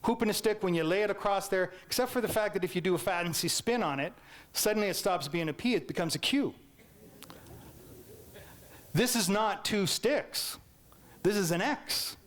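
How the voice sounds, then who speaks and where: A man's voice: sits high, moderate pace, pauses often. A Canadian man giving a public lecture, telling a childhood story and acting out the teachers' lines while he quizzes the audience. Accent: Canadian English. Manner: animated, playful storyteller who acts out teachers and quizzes the audience.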